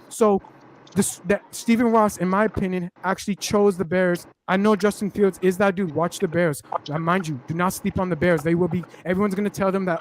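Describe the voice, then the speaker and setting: A man with a high voice talks through a long, animated football story in loose slang. He hosts a casual sports chat, and a faint hiss sits under his voice. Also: a little fast. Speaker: podcast host.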